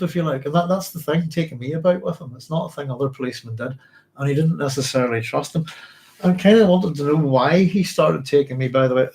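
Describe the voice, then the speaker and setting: A middle-aged Northern Irish podcast host, his accent mixing Northern Irish and English sounds, tells an emotional personal story to a live audience. Physically tired and reflective, he speaks at a mid-range, slightly mellow pitch, halting often with restarts and fillers.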